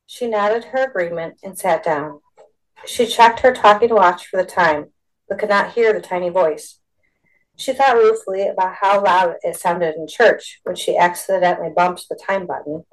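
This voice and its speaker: A woman narrating a storybook with a steady, expressive delivery. Her voice sits slightly low for a woman. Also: normal speed, low-quality recording. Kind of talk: storybook reading.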